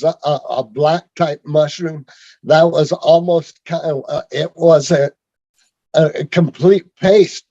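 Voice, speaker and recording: A man telling his own story on a video call in a rambling, halting way, with many fillers and restarts. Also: fairly high pitch, mellow, no room sound. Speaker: speaker sharing his story. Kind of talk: rambling personal testimony. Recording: dull lo-fi video call audio.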